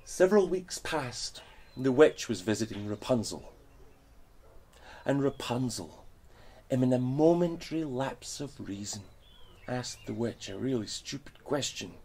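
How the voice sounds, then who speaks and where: A man telling a fairy tale dramatically, dropping into hushed whispers and rising to loud exclaims. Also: medium pitch, expressive, measured pace, breathy edge. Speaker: storyteller.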